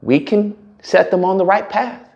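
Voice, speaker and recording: Guy with a kinda high voice ranting on his vlog, sarcastic and emphatic, says stuff twice. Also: normal speed, vocal fry, a little mellow, dull audio. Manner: emphatic, sarcastic, repeats himself. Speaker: channel host. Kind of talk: commentary vlog.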